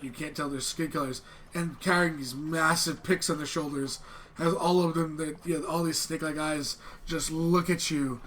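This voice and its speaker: A man's voice: on the high side, a bit bright, a little hiss or hum. A man running a tabletop game as game master, narrating with many fillers and restarts. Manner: halting, filler-heavy narration.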